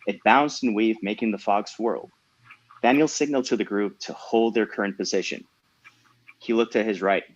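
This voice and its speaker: A man who hosts a panel, reading a passage of his own novel aloud in a steady storytelling manner. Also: fairly low pitch, moderate pace. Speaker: host and author. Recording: dull lo-fi mic, dry.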